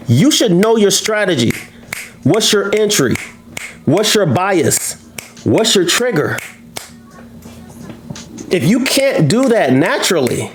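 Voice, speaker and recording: A brash man teaching trading in a live lesson, boasting and challenging his viewers. His pitch swings widely and leaps high when he pushes a point. Faint music plays behind him. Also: slow pace, long pauses. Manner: animated, swoops up into high pitch for emphasis.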